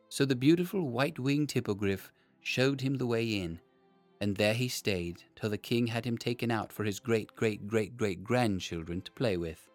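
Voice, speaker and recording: A man narrating a children's storybook in a measured, expressive reading. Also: on the low side, dry recording, faint music behind.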